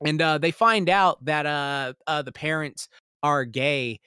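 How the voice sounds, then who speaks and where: A man's voice: fairly high pitch, measured pace, bright, forceful tone, clear, resonant tone, no room sound, studio quality. Rambling, cursing man on a podcast. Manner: rambling, profane, many fillers, bursts into heated outrage. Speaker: podcast co-host. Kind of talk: casual ranting review.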